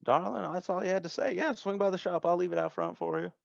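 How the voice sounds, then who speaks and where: A woman's voice: lowish voice, fast, creaky, darkish tone, no echo, highs cut off, pitched above the performer's own voice. A man voicing a folksy middle-aged woman who runs a truck shop and calls everyone darling. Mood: cheerful.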